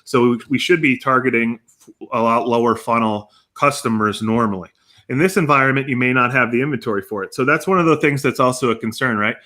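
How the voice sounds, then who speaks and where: Male guest, bright tone, fluent explainer. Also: mid-range voice, a little fast. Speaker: marketing guest. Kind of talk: explanatory interview talk.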